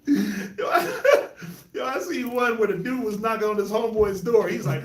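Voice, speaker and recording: A man's voice: very high voice, animated, measured pace, roomy sound, recorded from a distance. A man hosting a casual Bible discussion, laughing often and talking in loose slang. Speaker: host of a Bible discussion show.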